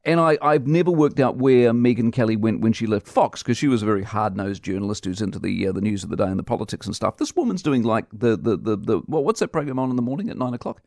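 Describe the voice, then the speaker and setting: A man, hosting a radio breakfast show in casual banter, emphatic and quick to joke. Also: on the low side, expressive, gravelly, darkish tone, no room sound, clean studio sound. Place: radio studio. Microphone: close studio microphone.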